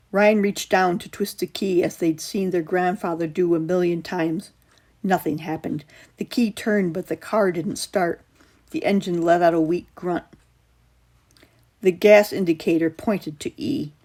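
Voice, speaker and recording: A woman author reading her own horror story aloud in measured, suspenseful narration. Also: lowish voice, fairly even intonation, darkish tone.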